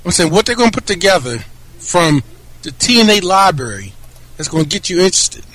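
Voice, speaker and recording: A high-pitched man argues in casual chat, pressing pointed questions like a cross-examiner. His tone is blunt and persistent. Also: big pitch swings, a little fast, fairly bright tone, dry recording, rough recording.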